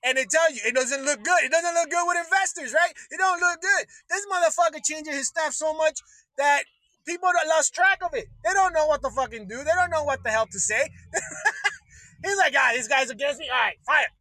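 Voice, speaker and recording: A man's voice: extremely high pitch, a little fast, pushed and bright, no room sound, poor audio. A man hosting a livestream, ranting casually with lots of swearing, restarts and laughter. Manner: profane, rambling, laughs often. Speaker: livestream host. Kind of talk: casual political rant.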